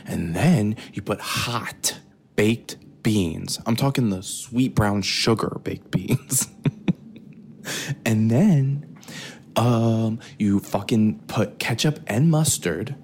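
Low-voiced joking man on a phone. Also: takes it slowly, a little hiss or hum. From United States. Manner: profane, jokey, talks quietly with sudden loud bursts. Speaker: podcast host. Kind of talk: rambling late-night kitchen monologue. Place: home kitchen at night.

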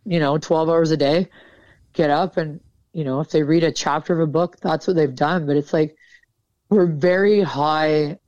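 A woman's voice: sits low, steady tone, moderate pace, a little mellow, no echo. A woman military veteran talking candidly in an interview, casual and frank, swearing freely. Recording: dull, dry sound.

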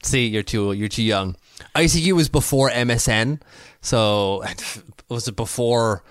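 A man from Canada in his thirties talks through sports topics in a casual podcast chat, analytical and quick to laugh. His voice sits at an ordinary middle pitch. It is recorded dry and close, with no room sound. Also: dry recording. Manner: chatty and analytical, laughs easily. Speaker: podcast co-host. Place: home basement.

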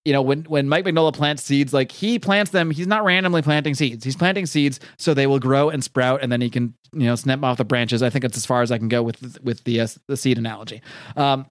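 A young man reviewing comics in casual, animated talk, swearing and laughing often. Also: mid-range voice, a little fast, no echo, clean studio sound.

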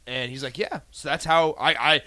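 A man's voice: on the high side, fairly even intonation, normal speed, pushed and bright, dry recording. A young man and radio show producer telling a long story in casual sports radio banter, often restarting his sentences. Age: young adult.

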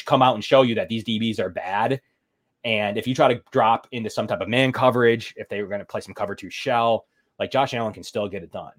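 Low-voiced man talking football casually. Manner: loose, filler-heavy game prediction. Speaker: podcast co-host. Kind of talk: casual sports podcast chat.

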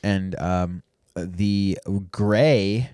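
A deep-voiced man in relaxed podcast banter who wanders into long asides. His pitch sits low among men. The recording is dry and close. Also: extremely slow, clean tone, no room sound. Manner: laid-back, drifting into long explanatory asides. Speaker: podcast co-host. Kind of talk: casual banter.

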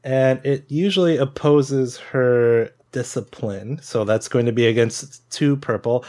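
A man acting as game master, patiently explaining dice rules in a casual way. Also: mid-range voice.

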